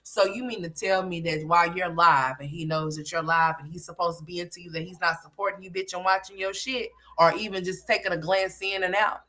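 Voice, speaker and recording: A woman hosts a casual reaction commentary with a slightly low voice. She is blunt, sassy and freely profane as she talks back at a clip and chats with her viewers. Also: steady tone, a little fast, few pauses, sharp tone. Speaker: commentary host.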